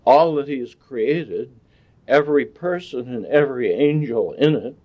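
A man gives a Bible lesson in a sermon style, speaking slowly and deliberately and pausing over each point. He talks like a teacher and asks his class questions. The recording is dull and lo-fi, and his voice sits at a middle pitch. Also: lively intonation.

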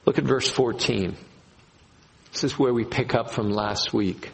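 A man preaching a sermon to his congregation, slow and emphatic, repeating key phrases. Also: mid-range voice, vocal fry, poor audio. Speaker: pastor.

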